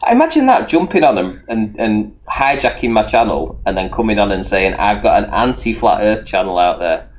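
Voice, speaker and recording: A man's voice: lowish voice, big pitch swings, normal speed, few pauses. A man hosting a live online debate show, teasing and sarcastic with his caller and chuckling often. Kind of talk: casual live-stream debate chat.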